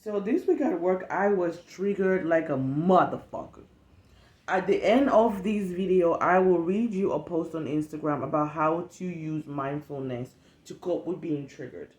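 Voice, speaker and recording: A young woman from West Africa telling a casual storytime rant as a vlogger, animated and profane, acting out what people said. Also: fairly low pitch, unhurried, reverberant. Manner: animated, profane, emphatic, acts out quotes.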